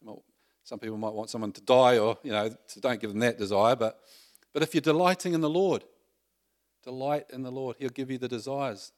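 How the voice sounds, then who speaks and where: A man's voice: mid-range voice, brisk. Male preacher, conversational sermon, asks the room questions, mid-range voice.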